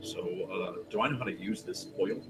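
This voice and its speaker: A man playing a tabletop game, speaking in a measured way over background music. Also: sits low. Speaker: player.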